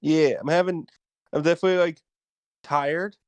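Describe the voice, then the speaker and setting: Man, high voice, dry mic, blunt, swears casually, game-table chat. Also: fairly even intonation, moderate pace, clean tone, no echo. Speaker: player.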